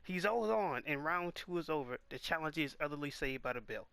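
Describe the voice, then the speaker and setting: A man reading out the lines of an excitable male boxing announcer with dramatic play-by-play. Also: fairly high pitch, a little fast, vocal fry.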